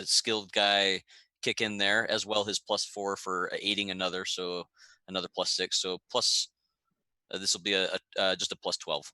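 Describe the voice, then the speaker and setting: Male player, hesitant, very bright, dry. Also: fairly low pitch, clear, resonant tone, no echo. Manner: hesitant, working out numbers aloud. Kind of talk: casual tabletop play.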